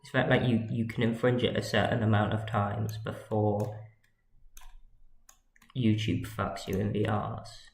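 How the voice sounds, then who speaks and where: Slow, rambling man, echoey room. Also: fairly low pitch, little pitch movement, vocal fry. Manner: rambling, jokey, mutters while he works. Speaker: livestreaming 3D modeller. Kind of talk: casual livestream commentary while working. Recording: echoey room with faint noise. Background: keyboard and mouse clicks.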